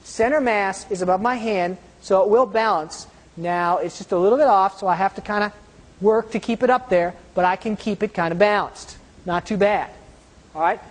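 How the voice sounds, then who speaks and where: A woman's voice: medium pitch, a little mellow. Woman teacher, mid-range voice, demonstrating in a big echoey room, checks in with "okay?". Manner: explains while doing hands-on demonstrations, often checking in with "okay?". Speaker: science teacher. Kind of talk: classroom demonstration lecture. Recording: long reverb of a large room.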